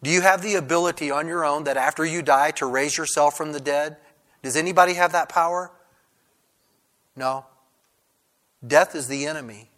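Man, pastor, sermon, bright tense voice, slightly high pitch, restarts, builds to fervent shouts. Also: normal speed, pauses often. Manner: preaching with many restarts, rising to loud fervor.

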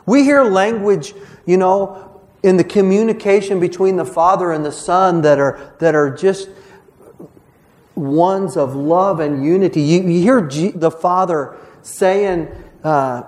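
A male pastor delivering a sermon in a fairly high voice. He talks in a conversational, earnest way, often restarting his phrases. He acts out quoted lines as he goes. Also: measured pace, a little mellow.

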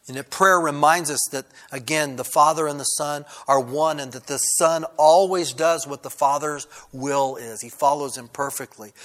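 A man preaching a sermon to a congregation, with frequent restarts that build to loud, fervent passages. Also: on the high side. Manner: preaching with many restarts, rising to loud fervor. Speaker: pastor.

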